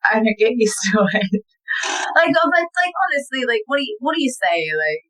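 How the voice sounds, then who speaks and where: A woman's voice: fairly high pitch, sing-song, brisk, a bit bright, low-quality recording. A young Australian woman chatting as a guest musician, rambling and giggly, full of "like" fillers. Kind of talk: casual chat.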